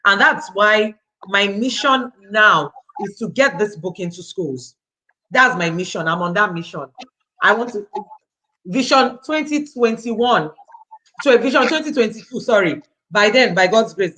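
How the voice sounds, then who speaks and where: A woman's voice: mid-range voice, expressive, unhurried, pushed and bright, slight background noise, low-quality recording. A Nigerian woman in her thirties, an author speaking earnestly and animatedly at a virtual book event, dropping in Nigerian interjections as she talks.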